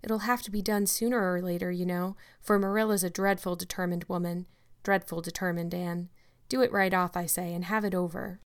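A woman reading a shy, hushed old farmer. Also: lowish voice, fairly even intonation, a little fast, clear, resonant tone, close to an everyday voice. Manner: soft, hushed and hesitant. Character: shy, gentle elderly male farmer.

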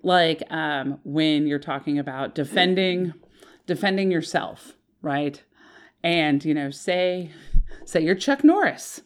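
A woman's voice: deep voice, lively intonation, slow. A woman co-hosting a casual podcast, explaining a legal concept with frequent "um"s and "you know"s. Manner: explains with many "um"s and "you know"s, bursts of loud laughter. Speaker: podcast co-host explaining law.

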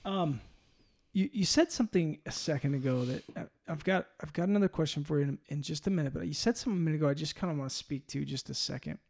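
A podcast host with a somewhat raised pitch and a gravelly fry in his voice. He talks enthusiastically, hesitating and restarting as he works toward a question for his guest. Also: a little mellow. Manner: enthusiastic, halting with fillers and restarts. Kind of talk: conversational interview.

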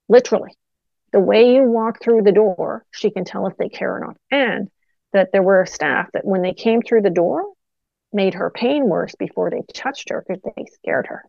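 A middle-aged woman physiotherapist, a guest telling animated stories from her clinical work in a casual interview. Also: mid-range voice, normal speed, gravelly, dry recording, highs cut off. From Canada. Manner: animated anecdotes with quoted dialogue.

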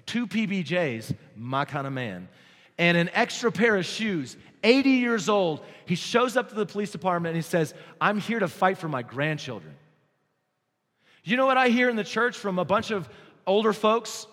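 A man preaching a sermon as pastor, swinging from hushed, low passages to loud, excited stretches. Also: normal speed. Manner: dynamic, swings from hushed to shouting. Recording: long hall reverb.

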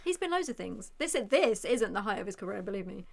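A woman's voice: medium pitch, big pitch swings, fast talker, creaky, noisy background. A woman co-hosting a podcast, chatting casually about films in a teasing, giggly way. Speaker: podcast co-host. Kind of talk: casual film chat.

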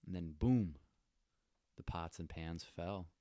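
A man with a very low, deep voice chatting casually as a podcast co-host. He is laid-back and jokey, peppering his speech with "like." The sound is dry and close-miked. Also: slow, dark tone, dry recording. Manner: laid-back, lots of "like" fillers, joking asides. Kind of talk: casual chat.

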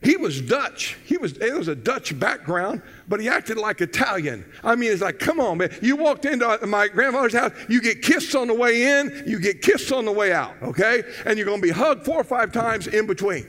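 A older man preaching a sermon, telling stories with energy that swings from loud to hushed. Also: sits high, animated, moderate pace, few pauses. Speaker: pastor. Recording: long hall reverb.

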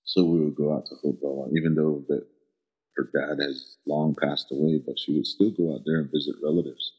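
A middle-aged man from the American Southwest telling personal stories as an interview guest, earnest and halting, often pausing to search for words. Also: a bass voice, level tone, slightly rough. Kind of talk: reflective personal storytelling. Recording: dull lo-fi recording.

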